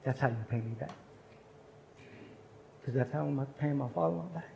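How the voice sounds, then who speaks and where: A man's voice: medium pitch, a little fast, vocal fry, a little mellow, slight background noise, poor audio. A man in his forties preaching at a chapel service, telling a personal story and acting out the voices of the people in it. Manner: storytelling, acts out quoted voices. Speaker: chapel speaker. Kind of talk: sermon story.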